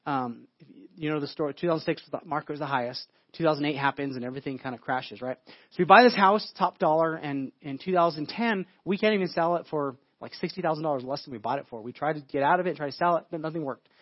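A man's voice: a little high, fast talker, dry recording. A man preaching a sermon as pastor, telling a long story and often repeating words and restarting his sentences. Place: church. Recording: dull lo-fi sound.

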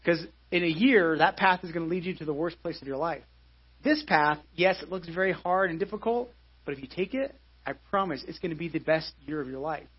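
A man's voice: a little high, a little fast, breathy edge, lo-fi sound. A pastor in his forties giving a live sermon in a church, conversational, with many restarts and repeated phrases. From United States.

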